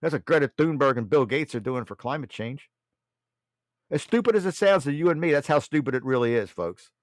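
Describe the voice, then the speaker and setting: A man's voice: medium pitch, lively intonation, fairly quick, no room sound, studio quality. A man hosting a political talk show, delivering a blunt, mocking monologue and often calling his listeners folks.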